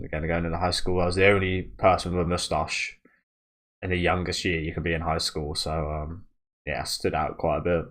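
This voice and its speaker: Young british dude, deep voice, rambling reaction chat, swears a lot. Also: male voice. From Britain. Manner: loose and rambling, swears often, laughs at himself. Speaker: manga reaction YouTuber. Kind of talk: casual reaction commentary.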